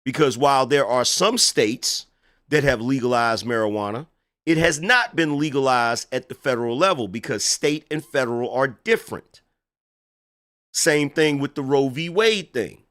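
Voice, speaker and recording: A man's voice: medium pitch, lively intonation, normal speed, a bit bright. A middle-aged man giving sarcastic, indignant commentary while reacting to an interview clip. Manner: sarcastic, indignant, mocking asides. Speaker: political commentator.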